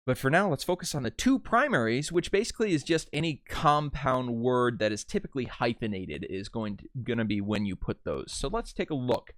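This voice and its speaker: A man giving a casual slideshow lesson on pronunciation, relaxed, with frequent "uh" fillers and words sounded out slowly. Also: mid-range voice, dry recording. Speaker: voice and dialect teacher.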